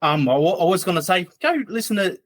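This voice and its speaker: As a podcast guest, this man speaks with a high-pitched, animated, brisk voice. His casual storytelling wanders loosely, packed with "like" asides.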